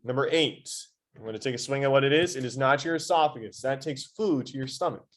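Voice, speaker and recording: A man teaching a high school anatomy lesson in a classroom, quizzing his students and adding playful asides. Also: quick pace. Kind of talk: classroom lecture.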